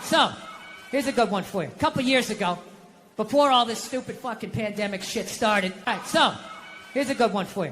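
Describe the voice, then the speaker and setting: A man's voice: sits high, big-room sound, background noise. A middle-aged American man doing stand-up comedy, ranting profanely in an exasperated way and acting out quotes.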